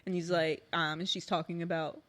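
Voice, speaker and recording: A woman's voice: fairly low pitch, flat delivery, brisk, a bit bright. A woman co-hosting a casual review podcast, chatty and agreeable, with emphatic asides. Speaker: podcast co-host.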